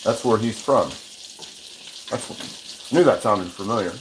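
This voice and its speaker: A man's voice: lowish voice, unhurried. A man hosting a cooking livestream, chatting casually in a rambling way while he cooks at the stove and answers viewer comments. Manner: rambling and chatty, with many restarts. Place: home kitchen at the stove. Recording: noisy, with frying sizzle behind. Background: sizzling pan and running water.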